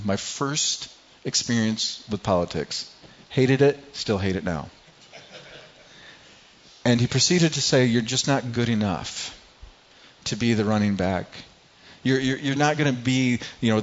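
A man preaching a sermon, telling a personal story in a halting way, often repeating words and growing quiet at painful moments. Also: fairly low pitch. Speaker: pastor. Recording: slightly dull lo-fi sound.

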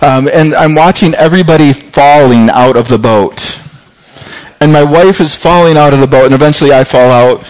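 A middle-aged man preaching a sermon, telling a personal story with lots of restarts, getting louder when reliving the danger and softer when he reflects. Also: on the high side, moderate pace, poor audio. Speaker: pastor.

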